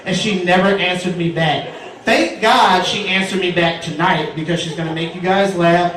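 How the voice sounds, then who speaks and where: A man hosting a comedy show, doing loud, teasing, profane crowd work before bringing up the headliner. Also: high-pitched, normal speed. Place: large comedy room with live audience. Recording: echoey room, far off, crowd noise.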